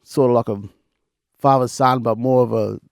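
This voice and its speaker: A man's voice: mid-range voice, fairly even intonation, moderate pace, vocal fry, no echo, clean studio sound. Laid-back Australian man telling stories. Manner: laid-back, laughs often, many restarts. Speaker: podcast co-host, former player. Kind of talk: casual storytelling chat.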